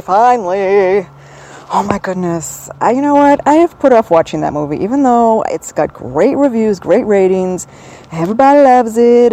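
Chatty woman with a low voice rambling. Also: warm tone, slight background noise, poor audio. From northern United States. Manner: chatty, digressive, self-amused. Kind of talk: rambling personal audio diary. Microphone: handheld voice recorder.

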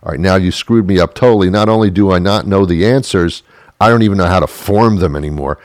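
Deep-voiced man rambling through a comic rant. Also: fast talker, no echo, clean studio sound. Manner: rambling, sarcastic, laughs at his own jokes. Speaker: show host. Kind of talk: comedic monologue.

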